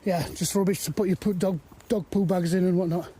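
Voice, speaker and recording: A man's voice: high voice, fairly even intonation, fairly quick, mellow, husky. A man chatting to camera as he walks hilly woodland paths, rambling and easily amazed, at times a bit out of breath. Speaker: walking vlogger. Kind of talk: casual walk-and-talk narration.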